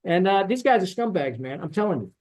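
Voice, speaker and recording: A middle-aged man with a high-pitched voice tells a long personal story in a candid podcast conversation. He is blunt and indignant and swears freely. He leans on fillers and keeps checking in with "right?" as he makes his points. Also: big pitch swings, a little fast, a little mellow, low-quality recording. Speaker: podcast guest, retired military officer.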